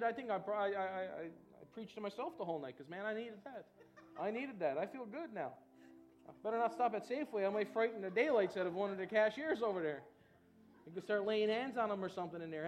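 A male pastor preaching an energetic sermon in a church, calling out to the congregation and breaking into loud whoops. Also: high voice, quick pace, faint music behind. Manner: shouts of woo, call and response.

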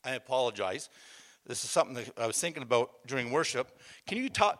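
A man's voice: mid-range voice, big pitch swings, fast talker, a bit bright. A man preaching a sermon, emphatic and calling out to the congregation, with a conversational storytelling manner full of restarts. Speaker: pastor.

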